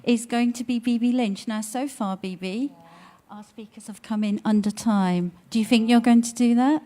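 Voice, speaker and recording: A woman's voice: fairly high pitch, steady tone, normal speed, dark tone. A woman compering an event, introducing the next speaker in a teasing way.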